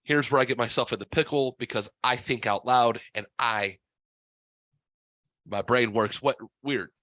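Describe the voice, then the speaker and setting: A man hosting a podcast, telling a story in an animated way with swearing and acted-out quotes. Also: mid-range voice, unhurried, no room sound. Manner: animated, profane, acts out quotes. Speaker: podcast host. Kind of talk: casual storytelling.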